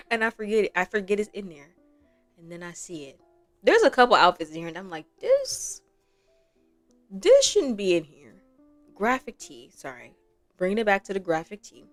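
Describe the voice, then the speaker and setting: A young woman talks through a game in a loose, rambling way and laughs a lot between thoughts. Her voice sits at an ordinary middle pitch for a woman. Soft guitar music plays quietly behind her. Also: animated, a little fast, pauses often. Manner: chatty, rambling, laughs often. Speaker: gaming creator. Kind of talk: casual gameplay commentary.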